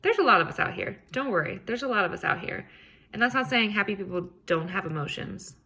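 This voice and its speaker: Woman doing a solo self-care podcast, kinda gravelly, earnest and rambly. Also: medium pitch, big pitch swings, fast, bright, forceful tone. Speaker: podcast host. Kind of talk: casual solo self-help talk.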